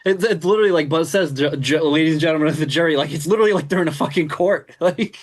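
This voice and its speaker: A man's voice: a little high, very fast. A man co-hosting a casual film review podcast, ranting and swearing often, laughing between points. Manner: swears a lot, rants with laughter. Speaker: podcast co-host.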